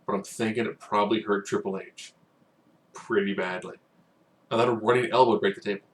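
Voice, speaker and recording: Man doing a casual recap, low-voiced. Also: fairly even intonation, a little fast. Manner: rambling, acts out quotes in bursts. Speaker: wrestling recap host.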